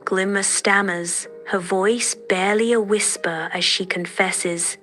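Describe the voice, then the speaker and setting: A woman narrating a fairy tale in a gentle, measured, dreamy manner. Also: mid-range voice, steady tone, soft background music. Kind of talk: soft storytelling narration.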